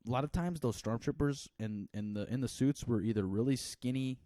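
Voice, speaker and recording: A man's voice: medium pitch, fairly quick, dark tone, no room sound, clean studio sound. A young man co-hosting a podcast in loose, rambling casual chat, laughing often and dropping into silly accents. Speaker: podcast co-host.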